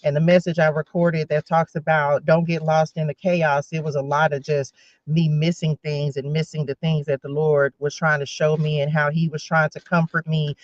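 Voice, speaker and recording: A woman's voice: sits low, little pitch movement, normal speed, no room sound. A talkative woman in her forties runs a casual spiritual tarot reading and often drifts into personal asides. She speaks right to her audience. The recording is dry and a little muffled, with no room sound. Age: 40s. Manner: chatty, rambling asides, talks straight to viewers. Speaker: tarot reader.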